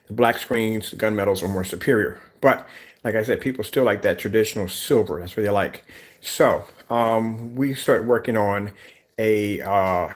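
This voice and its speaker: A tired man rambling about his product in a casual vlog, with many fillers and restarts. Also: on the low side. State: tired, yawning. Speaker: small business owner presenting a product.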